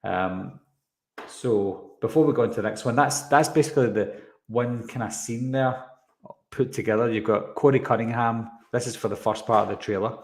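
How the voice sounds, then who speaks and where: A man with a medium-pitched, slightly mellow voice speaks at normal speed while hosting a live stream and casually breaking down a trailer. He rambles, wanders into tangents and responds to chat comments, all in a roomy, echoey space.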